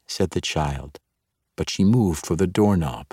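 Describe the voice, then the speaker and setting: A man narrating a dark fantasy audiobook in a measured storytelling manner. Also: low-pitched, animated, husky, dry recording, clean studio sound.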